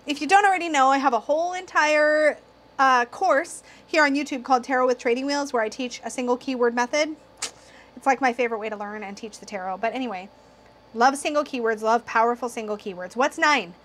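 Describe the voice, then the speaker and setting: A young woman reviewing tarot decks in a casual video, slightly tipsy, excitable and giggly, cursing now and then. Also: sits high, fairly quick. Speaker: tarot YouTuber.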